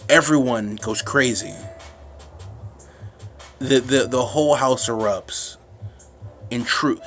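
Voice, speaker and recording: A man's voice: mid-range voice, fairly even intonation, measured pace, pauses often, fairly bright tone. Man ranting into a phone camera, rambling and profane, faint music behind. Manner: rambling, restarts often, swears, gets fired up. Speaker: vlogger. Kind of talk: casual ranting monologue.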